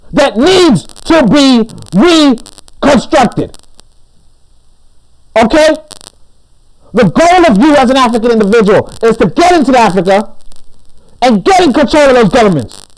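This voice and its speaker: A man giving an impassioned commentary monologue. He preaches emphatically, repeats and restarts his words, and drops lower and calmer when he reads aloud. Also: low-quality recording. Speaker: commentary channel host.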